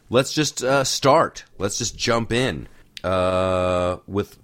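A man's voice: deep voice, very slow, a bit bright, clean tone, dry recording. A man hosting a comedic podcast, rambling in casual chat with many fillers and joking asides. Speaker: podcast host. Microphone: studio mic across a table.

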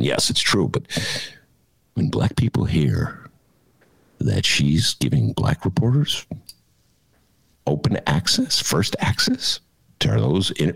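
Gravelly, animated male podcast host. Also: rumbling low, no echo. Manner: animated, laughing, breaks into quick impressions. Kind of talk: casual political chat.

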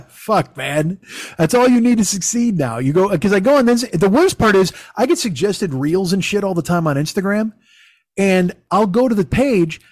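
A man's voice: high-pitched, unhurried, no echo. A middle-aged man hosting a podcast, rambling through stories with lots of swearing. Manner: profane, rambling, animated storytelling. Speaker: podcast host. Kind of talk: casual chat.

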